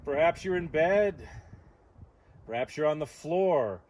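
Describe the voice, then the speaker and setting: A man leading a morning yoga stretch outdoors, giving calm instructions with playful joking asides. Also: fairly high pitch, slow pace, a little hiss or hum. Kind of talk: guided yoga class. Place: outdoor deck on a windy morning.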